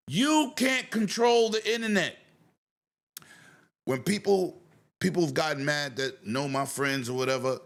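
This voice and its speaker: A man's voice: mid-range voice, a bit bright. A man hosting a casual gaming livestream, ranting with profanity and greeting viewers in chat. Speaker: livestream host.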